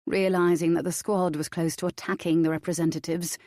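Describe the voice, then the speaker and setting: A woman reading an audiobook in the first person with steady, even storytelling. Her voice is warm, mellow and slightly low. The recording is dry and close, with no room echo. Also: a little fast. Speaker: audiobook narrator. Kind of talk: scripted first-person narration.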